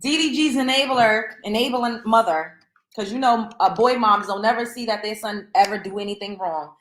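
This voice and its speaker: A woman's voice: on the high side, moderate pace, fairly bright tone. A middle-aged woman hosting a casual celebrity gossip commentary, emphatic and opinionated, repeating points for stress. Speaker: show host. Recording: roomy echo.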